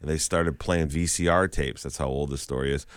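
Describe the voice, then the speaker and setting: A man's voice: very deep voice, fairly even intonation, a little fast, clean tone, no room sound, studio quality. A man co-hosting a casual radio show, cracking wry jokes and telling stories. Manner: wry, joking storyteller. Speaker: radio co-host. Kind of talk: casual banter and anecdotes.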